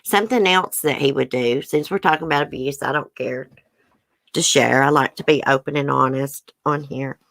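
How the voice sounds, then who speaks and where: A woman hosts her channel and speaks openly to her viewers in a low, gravelly voice, near tears and full of ums. The sound is dry and close to a desk webcam in a small room. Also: normal speed, a bit bright, no echo. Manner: candid, speaks straight to viewers as "guys" and "y'all", frequent ums. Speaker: channel host. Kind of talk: casual personal talk to viewers.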